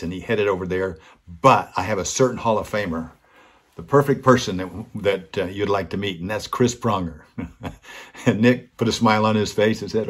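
An older man with a deep, slightly husky voice hosts a weekly talk segment. He tells a personal story in an earnest, heartfelt way and brings the people in it to life by acting out their lines. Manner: earnest, acts out quoted voices. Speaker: host.

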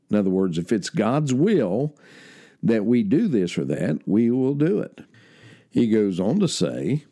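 Male preacher, West Virginian accent, homespun sermon, lively intonation, dark warm tone. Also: medium pitch, a little slow. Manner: folksy, conversational, homespun.

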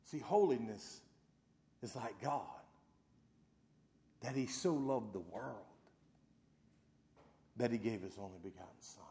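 A man in his thirties preaches a sermon slowly in a lowish voice, leaving long pauses. He's emphatic and folksy, swinging between loud declarations and hushed talk in a roomy, echoing hall.

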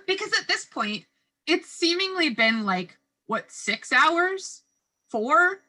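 Bright, high-voiced chatty woman. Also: takes it slowly. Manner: lively, reads out timestamps, playful disgust. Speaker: podcast co-host. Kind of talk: casual rewatch chat.

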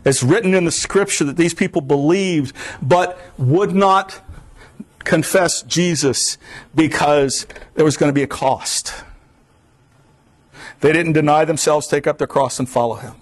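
A man's voice: on the high side, unhurried. A man from Florida preaching a sermon in an earnest, repetitive cadence.

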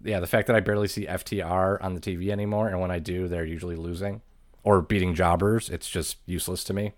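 A man's voice: deep voice, fairly even intonation, fast. A man co-hosting a podcast in casual chat, laid-back and blunt with his opinions. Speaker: podcast co-host.

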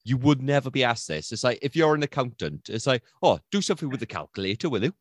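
Lively low-voiced man, dry sound. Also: fast talker, dry recording. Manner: animated, sarcastic complaining. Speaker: podcast co-host. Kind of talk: casual chat.

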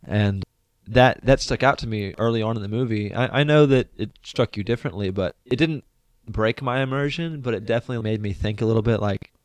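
A man's voice: fairly low pitch, a little fast, no room sound. A man co-hosting a casual film review podcast, talking in a thoughtful, hedging way and restarting his words. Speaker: podcast co-host.

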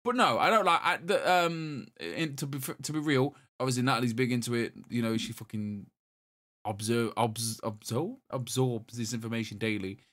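A man's voice: medium pitch, normal speed. A man in his thirties, co-hosting a gaming podcast in casual chat, swearing often and stumbling over restarts. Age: 30s. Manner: profane, excitable, stumbling restarts. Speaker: podcast co-host.

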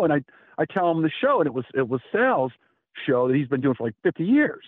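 A man's voice: fairly high pitch, expressive, racing, dry recording. A man, a radio host telling a rambling story in an interview and acting out the quotes. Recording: tinny phone-like line.

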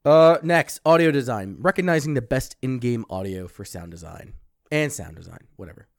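A man's voice: mid-range voice, lively intonation, normal speed, no echo. Young male co-host, blunt and profane, dry close recording. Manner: blunt, swears casually, reads lists aloud. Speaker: podcast co-host. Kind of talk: casual chat.

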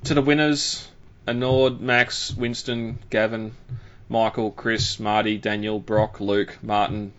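A man's voice: fairly low pitch, level tone, slow, lo-fi sound. A man hosting a podcast in casual chat, rambling with lots of fillers and restarts. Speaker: podcast host.

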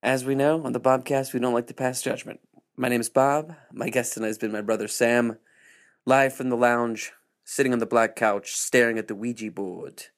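A man hosting a casual home podcast, rambling relaxed with fillers. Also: mid-range voice, normal speed. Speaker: podcast host.

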